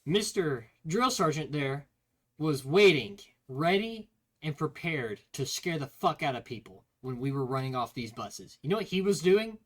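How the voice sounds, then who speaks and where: A man telling army training stories to his stream in a casual, profane, animated way. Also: a little high, normal speed.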